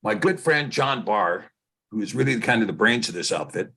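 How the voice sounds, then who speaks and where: Guy hosting an online talk show, lowish husky voice, chatty opinionated rambling commentary. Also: expressive, a bit bright. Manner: discursive, opinionated, building his points slowly. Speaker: host.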